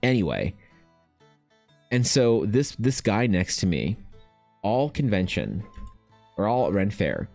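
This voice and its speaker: A young man chatting casually on his art stream, rambling and swearing freely, often mimicking other people in quick high voices. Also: very animated, creaky, darkish tone, no echo, soft background music. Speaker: artist streaming while painting.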